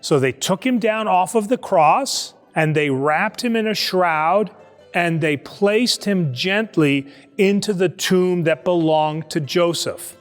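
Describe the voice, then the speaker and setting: Lively priest telling a Bible story. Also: male voice, sits high, slow, long reverb tail, soft background music. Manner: lively and conversational, acts out voices. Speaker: priest teaching Sunday school. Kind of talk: storytelling lesson for children. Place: church.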